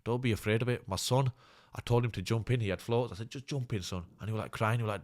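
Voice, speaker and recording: A man's voice: lowish voice, quick pace, hardly any pauses, darkish tone. A man, a fighter talking candidly and earnestly as an interview guest. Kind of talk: casual interview talk.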